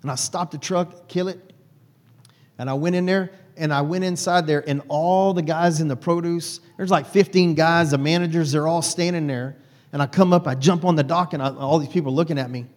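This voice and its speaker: A man telling a personal story to an audience in a folksy, animated way. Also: on the high side. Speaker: speaker.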